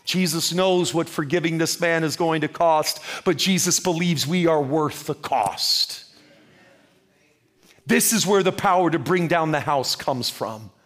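A male preacher with a notably high-pitched voice delivers a sermon. His delivery is fervent and rhythmic, and he keeps addressing the congregation as friends as he presses his points home. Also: unhurried, fairly bright tone.

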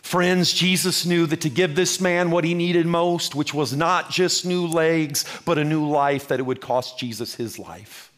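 High-voiced fervent male preacher. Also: steady tone, a little slow, hardly any pauses, fairly bright tone. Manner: fervent, rhythmic preaching that addresses listeners as friends. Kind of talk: sermon.

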